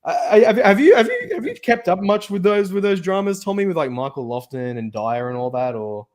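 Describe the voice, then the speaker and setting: A man hosting a casual live stream, chatting in a jokey, animated way with frequent restarts. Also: high-pitched, brisk. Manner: jokey, animated, often laughs, many restarts. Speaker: stream host.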